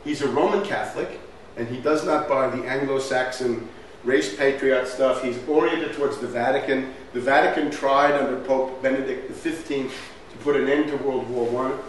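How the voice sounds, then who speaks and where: A man's voice: mid-range voice, normal speed, a little hiss or hum. A man giving a history lecture over slides in an emphatic way, often asking "right?" as he goes. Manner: emphatic, asks rhetorical questions, says "right?" often. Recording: very echoey room from far off, faint ambience.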